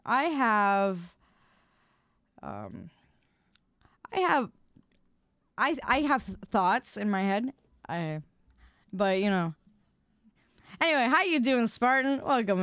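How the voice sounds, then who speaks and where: A woman streamer chatting casually with her viewers, loud and expressive, quick to protest and tease. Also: medium pitch, smooth, dry recording, studio quality.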